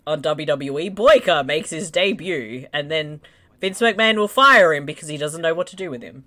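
A woman's voice: low voice, expressive, normal speed, pushed and bright. A woman riffing playfully on a movie with friends, tossing in laughing asides.

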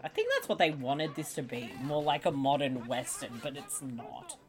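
Low-voiced sweary woman podcast host. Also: moderate pace, a faint crowd. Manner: blunt, sweary, dry grumbling. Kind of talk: casual movie commentary chat.

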